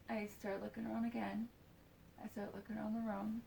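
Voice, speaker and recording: A woman's voice: medium pitch, little pitch movement, brisk, creaky, warm tone, slight background noise. A woman in her forties telling a personal story in a casual, rambling way, with lots of fillers and swearing. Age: 40s.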